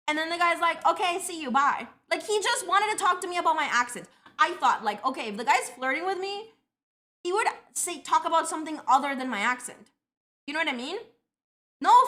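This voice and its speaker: A woman's voice: sits high, pushed and bright. A young woman with a Colombian accent, long living in Canada, chatting casually with her stream audience and telling rambling, self-deprecating stories. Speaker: livestreamer.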